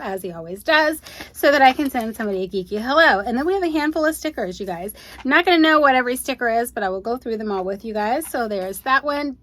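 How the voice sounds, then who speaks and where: A woman's voice: a little high, sharp tone. A woman, unboxing at home and gushing to her viewers in casual chat. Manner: gushing, exclaims often, addresses viewers as you guys. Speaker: unboxing video host. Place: home room.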